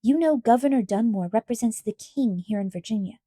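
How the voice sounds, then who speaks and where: An earnest young apprentice presses his point with steady insistence, voiced by a woman reader. The voice is mellow and dark, recorded close and dry. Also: fairly high pitch, a little fast, breathy edge, dry recording. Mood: indignant.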